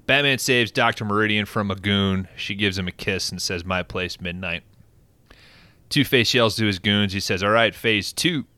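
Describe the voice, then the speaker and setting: A man hosting a podcast, giving an excited, profane, casual recap of a movie plot. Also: fairly low pitch, clean tone, no echo. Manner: excited and profane, animated storytelling. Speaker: podcast host.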